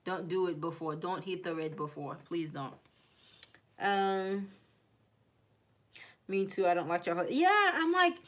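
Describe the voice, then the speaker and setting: A young woman with a blended Haitian and Kentucky accent talks loosely to her live-stream viewers, rambling from one thought to the next and reading their comments aloud. Her voice sits a little low for a woman, and she breaks into giggly asides often. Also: animated, measured pace, pauses often. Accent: mixed Haitian and Kentucky. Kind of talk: casual live-stream chat.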